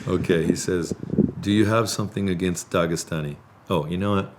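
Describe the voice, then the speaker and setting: A man hosting a podcast in a studio, telling animated stories in casual chat and laughing often. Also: sits low, brisk, heavy background noise. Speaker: podcast host.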